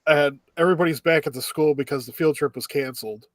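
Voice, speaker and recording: Laughing man, higher voice, dry sound. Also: quick pace, no echo. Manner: laughs often while recapping. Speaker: podcast co-host. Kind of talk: casual anime recap chat.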